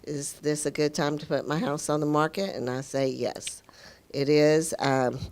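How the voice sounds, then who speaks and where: A woman's voice: deep voice, little pitch movement, measured pace, a little mellow. Friendly woman real estate guest. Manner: friendly, easygoing, laughs readily. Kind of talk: casual radio interview.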